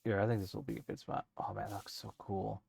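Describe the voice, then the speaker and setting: A man's voice: lowish voice, steady tone, fast, gravelly, a little mellow, husky. A man streaming a let's play, rambling casually as he thinks aloud with lots of fillers. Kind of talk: casual let's-play commentary while gaming.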